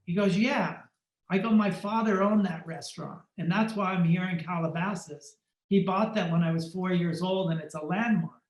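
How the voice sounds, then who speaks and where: A man, a photographer on a podcast, telling a personal story and acting out the dialogue in lively shifting tones. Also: sits high, moderate pace, echoey room, rough recording. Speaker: podcast guest, fashion photographer.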